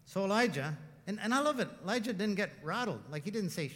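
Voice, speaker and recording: Bright-voiced man preaching in an echoey hall. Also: high-pitched, animated, quick pace, hardly any pauses. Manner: swings from hushed tender passages to loud impassioned preaching, frequent laughs. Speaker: pastor. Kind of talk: sermon.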